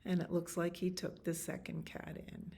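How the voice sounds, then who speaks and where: A woman librarian reading a picture book aloud to children, expressive, with animal sounds and little asides. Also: fairly low pitch, moderate pace, slight background noise.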